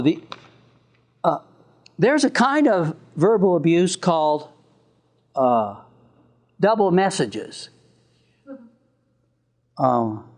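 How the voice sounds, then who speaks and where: A man's voice: a little high, a little mellow. A man giving a lecture on parenting, joking and laughing as he acts out what parents and children say. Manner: jokey, laughs at own lines, acts out parent and child voices. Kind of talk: recorded lecture.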